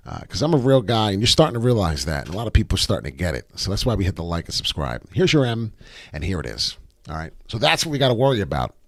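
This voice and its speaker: Man, live chart-analysis stream host, brash and profane, low voice that swings widely, dry close sound. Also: dry recording. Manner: brash, profane, excitable, rambling. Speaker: crypto trading livestream host.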